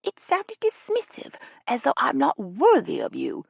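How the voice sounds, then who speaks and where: Fussy older woman, prim and touchy, voiced high by a female narrator. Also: huge pitch swings, a little slow, gravelly, husky, no echo, clean studio sound, full character voice. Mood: huffy. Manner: prim, huffy, high-strung.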